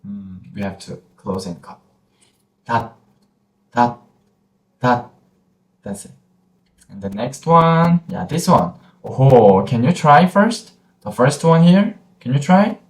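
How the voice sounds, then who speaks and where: A man with a Korean accent guides a beginner through pronunciation at an unhurried pace. His pitch moves a lot, and he repeats each sound patiently. The room around him sounds echoey. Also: very animated. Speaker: Korean language teacher. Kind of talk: slow, patient pronunciation lesson.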